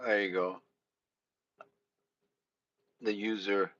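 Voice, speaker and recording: A man's voice: lowish voice, little pitch movement, drawn-out words, fairly bright tone. A man with a Connecticut accent hosting a live podcast stream, talking casually in a blunt, rambling way with frequent restarts. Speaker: podcast host. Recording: dull lo-fi sound with faint noise.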